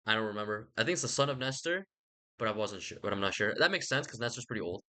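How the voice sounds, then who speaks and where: Young male host, casual slangy rambler, bright tone, lively pitch. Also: fast. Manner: rambling, animated, slangy, profane. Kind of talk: casual rambling book chat.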